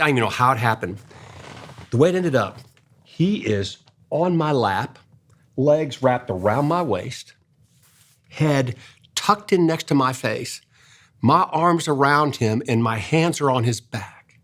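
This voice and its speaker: An older man with a drawl tells an earnest personal story at an easy pace. His voice is husky, at a medium pitch. When he quotes his own tender words, he drops to a soft hush. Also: lively intonation, measured pace, pauses often. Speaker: speaker telling a personal story. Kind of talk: casual storytelling in a faith-based talk.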